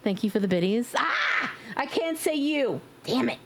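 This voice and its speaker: A woman streamer chatting casually with her viewers in a playful way, now and then slipping into squeaky baby talk and screams. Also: sing-song, moderate pace, a bit bright, slight background noise. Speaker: livestreamer. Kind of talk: casual live-stream chat.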